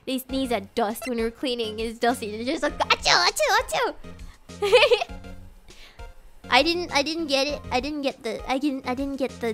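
Bubbly high-voiced woman streamer. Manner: bubbly, giggly, chatty. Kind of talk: casual live-stream chat while gaming.

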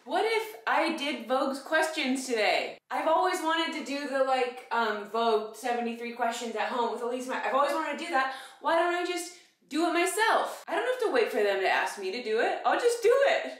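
A woman's voice: high-pitched, lively intonation, moderate pace, fairly bright tone. A young adult woman vlogging at home, chatty and self-mocking, rambling with bubbly energy. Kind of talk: casual vlog monologue. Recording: echoey room with faint music.

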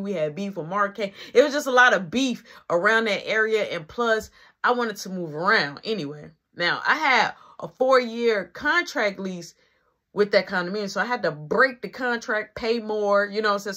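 A man spins a long personal story in a casual vlog, loose and slangy. His voice is bright and sharp, and he keeps checking in with the listener as he goes. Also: high-pitched.

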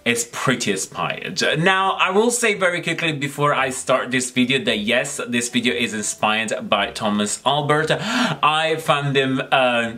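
A man's voice: mid-range voice, animated, unhurried, bright, forceful tone. A man hosting his own makeup channel, chatting casually to the camera in a giggly, rambling way with lots of fillers. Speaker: makeup vlogger, channel host.

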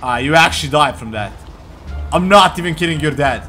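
A young man doing crude, joking commentary over a video game, getting excitable and often yelling. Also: a little high, brisk, soft background music. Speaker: gaming commentator.

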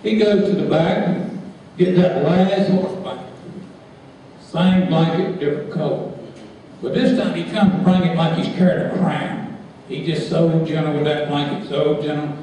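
A man telling a folksy story to a live crowd, animated and laughing as he goes. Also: fairly high pitch, measured pace, slight background noise. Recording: echoey hall from far off.

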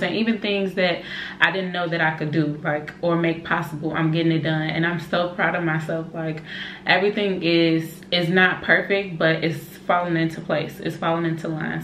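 In a casual at-home vlog, a young woman who has an infant chats animatedly to camera and says y'all to her viewers. Her pitch runs low, the camera is set close by and moved mid-talk, and the roomy room has a faint background hum of noise.

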